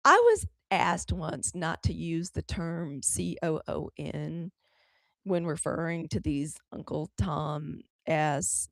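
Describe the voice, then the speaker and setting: A woman's voice: sits low, creaky, no echo. Candid middle-aged mississippi woman riffing on the news, salty language, dry close mic. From Southern Mississippi, US. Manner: candid, animated, profane, talks straight to the audience. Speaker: host of a live news commentary show. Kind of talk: casual live commentary.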